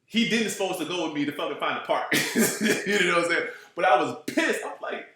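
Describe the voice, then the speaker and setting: Animated man telling a street story in an echoey room. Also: fairly high pitch, brisk. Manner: animated, profane, streetwise slang, keeps asking "you know what I'm saying". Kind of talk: casual storytelling.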